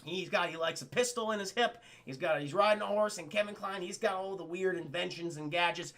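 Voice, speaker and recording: A man streaming a rambling, profane scene-by-scene film recap to his chat, acting out lines in quick impressions. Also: high-pitched, a bit bright. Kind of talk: casual profane movie recap.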